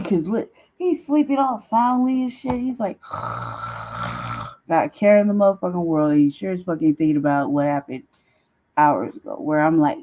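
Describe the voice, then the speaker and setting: Woman venting on her stream, cusses a lot, laughs in between, mellow warm tone. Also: lowish voice, normal speed, poor audio. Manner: blunt, heavy swearing, laughing between lines. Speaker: show host. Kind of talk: casual livestream chat.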